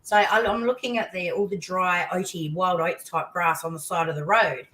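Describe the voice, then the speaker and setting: An older woman with an Australian accent, a guest on an interview show, telling a personal story in casual chat with excited outbursts. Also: fairly low pitch, normal speed, low-quality recording. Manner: animated storytelling, voice leaping into exclamations.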